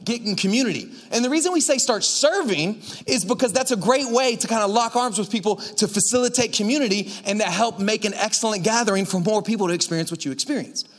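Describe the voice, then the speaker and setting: A male pastor preaching a casual sermon, energetic and chatty with lots of asides to the congregation. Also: sits high, fast talker, hardly any pauses.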